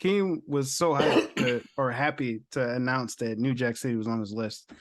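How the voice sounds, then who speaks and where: A man co-hosting a podcast, calmly steering a casual movie debate to the next pick. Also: medium pitch, normal speed. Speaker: podcast co-host.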